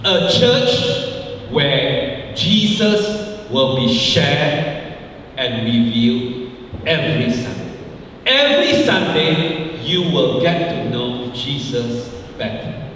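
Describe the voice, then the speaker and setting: A male pastor preaches with emphasis, his pitch swinging lively up and down and his pace slow and deliberate. He says his key lines twice. The sound comes from a distant mic in a long, echoey hall. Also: a little hiss or hum. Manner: emphatic, repeats key phrases. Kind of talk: sermon.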